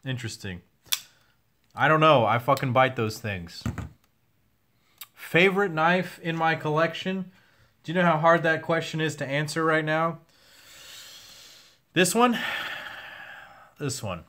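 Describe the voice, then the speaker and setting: A man's voice: a little high, moderate pace, long pauses, pushed and bright. Young guy doing a livestream q&a, voice getting tired, chill and blunt, swears a bit. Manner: candid, swears now and then, reads chat questions aloud. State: losing his voice. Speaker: host answering viewer questions. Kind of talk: casual livestream Q&A.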